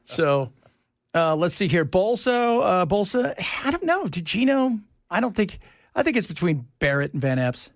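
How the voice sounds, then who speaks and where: A man's voice: high-pitched, very animated, normal speed, gravelly, no room sound, clean studio sound. A man hosting a radio talk show, joking and sarcastic in casual banter. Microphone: studio mic.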